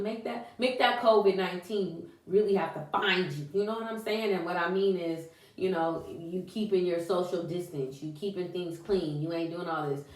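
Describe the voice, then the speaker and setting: A woman vlogging in a casual, encouraging way, animated and folksy, with churchy exclamations. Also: on the low side, far from the mic. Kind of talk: casual encouraging vlog talk. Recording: echoey room, voice away from mic.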